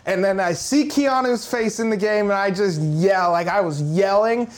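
A man co-hosting a gaming podcast, talking excitedly in a rambling way with lots of fillers and restarts. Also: sits high, normal speed. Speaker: podcast co-host. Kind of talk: casual chat.

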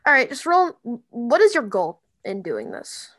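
A woman narrating a tabletop game as game master, in a casual, halting way with many fillers. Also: on the high side, wildly swooping pitch, a bit bright, no room sound.

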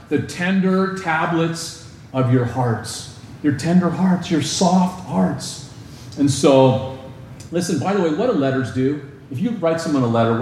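A man preaching a sermon as pastor, asking the congregation rhetorical questions and moving between emphatic raised lines and slow, low stresses. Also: a little mellow. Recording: very echoey hall, faint background noise.

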